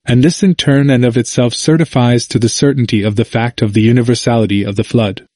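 A man reading scripture and a Bible commentary aloud, with slow, deliberate phrasing broken into short clauses. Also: mid-range voice, steady tone, a little mellow, dry recording, clean studio sound.

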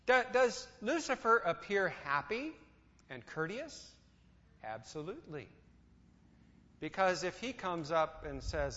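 This preacher's voice sits high and swings widely in pitch, pushed and bright, as he takes his time and pauses often. He poses questions to the listeners and acts out quoted speech, recorded dully in a hall with long reverb.

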